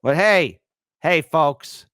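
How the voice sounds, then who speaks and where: A man's voice: fairly high pitch, very slow, clean tone, dry recording, studio quality. A man hosting a live political commentary stream, sarcastic and talking to his chat. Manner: sarcastic, animated, talks to chat.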